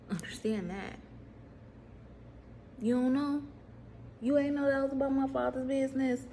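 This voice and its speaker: A woman, casually preaching to viewers in a vlog, animated, repeating herself and putting questions to the audience. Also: a little high, moderate pace, long pauses, a little hiss or hum. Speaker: faith vlogger.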